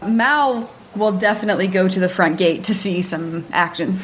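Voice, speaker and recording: A woman's voice: medium pitch, moderate pace, slight background noise. A woman playing a tabletop role-playing game, direct and questioning. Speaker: player. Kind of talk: casual tabletop play.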